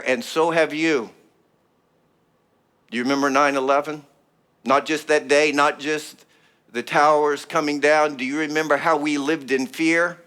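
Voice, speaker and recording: A man's voice: on the high side, a bit bright, smooth. A middle-aged man preaching a sermon in an emphatic, rhythmic style built on repeated phrases. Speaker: pastor.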